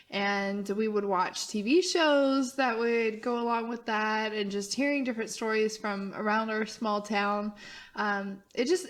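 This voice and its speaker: A woman with a thick Texan accent, co-hosting a podcast in chatty, casual talk full of fillers. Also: mid-range voice. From Central Texas. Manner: chatty, laughs often, many fillers. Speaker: podcast co-host. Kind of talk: casual chat.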